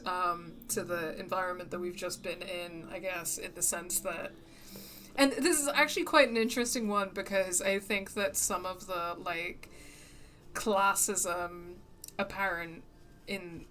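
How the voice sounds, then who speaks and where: A woman's voice: mid-range voice, a bit bright, a little hiss or hum. A woman casually commenting as she plays a video game, chatty and prone to giggling, joking with her chat. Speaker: game streamer. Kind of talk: casual let's-play commentary.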